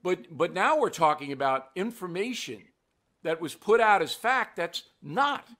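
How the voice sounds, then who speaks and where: Older male host, bright and animated, blunt and mocking delivery. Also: high-pitched, measured pace. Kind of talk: political commentary show.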